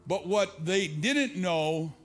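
An older man preaching a sermon to a congregation, rising on repeated lines and dropping low and confiding when he tells a story. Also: expressive, takes it slowly, faint music behind. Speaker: pastor. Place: church stage before a congregation.

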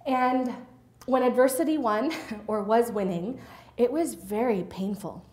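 A woman gives an earnest personal testimony before a group, her fairly high voice halting and restarting as she checks in with her listeners. The sound carries the roomy echo of a hall. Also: a little mellow. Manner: earnest, halting, with many restarts and tag questions. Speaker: invited faith speaker.

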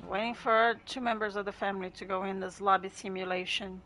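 A woman livestreams gameplay and chats casually with her viewers, laughing often and greeting people in chat by name. Her mid-range voice is steady and sharp-toned, and she talks a little fast.

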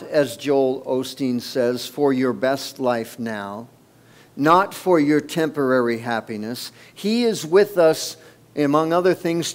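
Male pastor, sermon, slow measured delivery, middle pitch, emphatic pauses. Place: church sanctuary.

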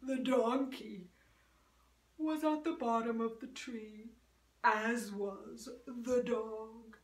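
A woman telling a fairy tale aloud, drawing her words out and dropping soft and low. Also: fairly even intonation, extremely slow. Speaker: storyteller. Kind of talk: oral fairy-tale storytelling. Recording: roomy room, voice from a distance.

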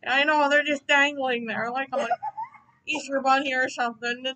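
A woman voicing a grumpy, quick-tempered bald male math teacher in his forties, indignant and threatening. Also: sits high, steady tone, crowd noise, close to an everyday voice, low-quality recording. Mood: exasperated.

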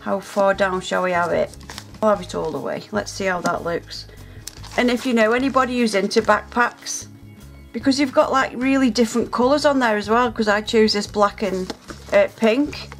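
A woman hosting a casual unboxing vlog from home, gushing and excitable, gasping and exclaiming as she talks. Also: mid-range voice, moderate pace, soft background music. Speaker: nail art channel host.

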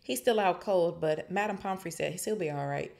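A woman voicing an excited boy wizard in a storybook reading, shouting his news gleefully. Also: lowish voice, normal speed, creaky. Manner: loud, gleeful.

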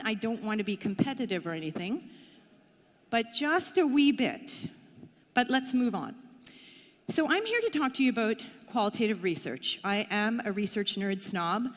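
Chatty woman speaker in a reverberant hall. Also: medium pitch. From Canada. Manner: chatty, playful and self-deprecating. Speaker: conference speaker. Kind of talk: conference talk. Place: conference hall.

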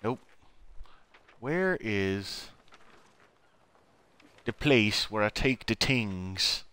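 Male streamer, live play-by-play to himself, unhurried but prone to frantic outbursts and cursing, bright crisp tone. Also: on the low side, animated. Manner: talks to himself, frantic exclamations and swearing. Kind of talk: live gameplay commentary.

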